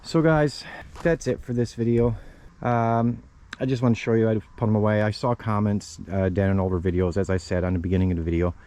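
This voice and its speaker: Brisk and warm, a lowish male voice with fairly even intonation leads a casual how-to vlog outdoors next to a parked van. The host handles the camera in one hand while working with the other, sounding a bit out of breath, and chats throughout, repeatedly addressing viewers as "guys."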